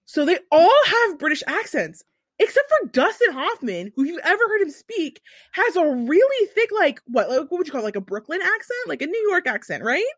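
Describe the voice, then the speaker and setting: Woman, podcast co-host, casual chat, animated, dry sound. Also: brisk, no room sound. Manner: animated, swearing storyteller with big pitch swings.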